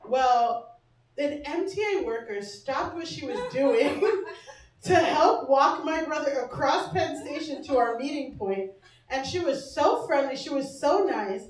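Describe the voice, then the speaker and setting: A woman's voice: sits high, expressive, a little slow. A young woman hosting a comedy show and doing a stand-up set, brash and self-mocking, swearing freely and laughing often. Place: small comedy bar stage. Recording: echoey club, mic heard from a distance.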